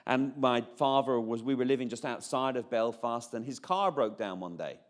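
A man's voice: mid-range voice, expressive, normal speed. A Northern Irish man in his fifties preaching a personal testimony, chatty, with asides and restarts. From Northern Ireland. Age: 50s. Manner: chatty, self-interrupting, jokey asides.

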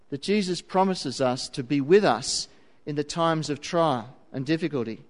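Man preaching in an echoing hall. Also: a little high. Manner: earnest, conversational, with rhetorical questions. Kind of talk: sermon. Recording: long reverb of a large hall.

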